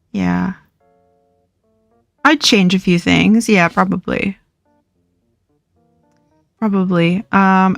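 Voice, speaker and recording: A woman's voice: on the low side, creaky, fairly bright tone, no echo, studio quality. A young woman hosting a livestream, chatting casually and rambling with frequent laughs while she plays. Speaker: livestream host. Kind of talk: casual chat while gaming.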